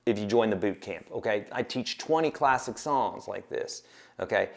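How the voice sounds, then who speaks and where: A man's voice: fairly low pitch, lively intonation, normal speed, creaky. A man teaching guitar on a livestream, talking casually and encouragingly and counting beats aloud.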